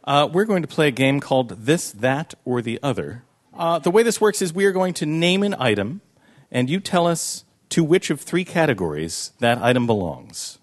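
A man running a quiz game on a live show, joking in a dry, deadpan way with an audience laughing. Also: normal speed. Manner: dry, deadpan joking with lively pitch swings.

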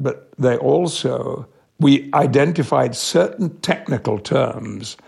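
An older man with an English accent, an actor answering interview questions in a measured, emphatic way. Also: mid-range voice, gravelly, breathy edge. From England. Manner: measured, warmly emphatic, slows on key words. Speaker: guest, actor.

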